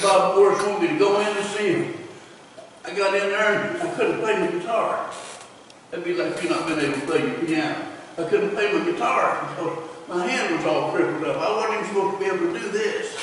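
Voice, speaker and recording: High-voiced folksy pastor, echoey hall. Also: male voice, fairly bright tone, a little hiss or hum. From United States. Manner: folksy storytelling with rural grammar; laughs while telling stories. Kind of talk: revival sermon. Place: church sanctuary. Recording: echoey church hall from far off.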